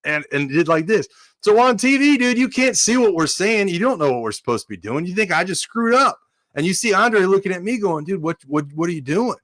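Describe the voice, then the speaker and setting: This man's voice sits a little high, recorded clean in a studio with no echo. Once a college offensive lineman, he spins stories on a casual sports podcast, acting out the quotes with energy and dropping "dude" again and again.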